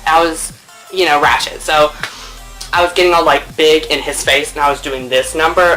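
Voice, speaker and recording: At home, a young woman vlogger tells a casual storytime tale to camera at normal speed, with soft music in the background. She's chatty and playful, full of fillers and swearing. She animatedly acts out what people said with big jumps in pitch.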